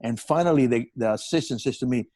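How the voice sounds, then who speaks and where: A man's voice: medium pitch, quick pace, no room sound. Older man telling a profane comic story. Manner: animated, profane, frequent restarts. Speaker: comedian.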